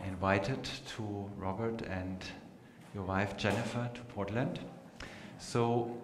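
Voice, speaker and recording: A man with a German accent giving an unhurried live talk to an audience, pausing often with fillers. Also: on the low side. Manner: unhurried, hesitant with many fillers. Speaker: meditation teacher giving a talk. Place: meeting room with a live audience. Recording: echoey hall, faint noise.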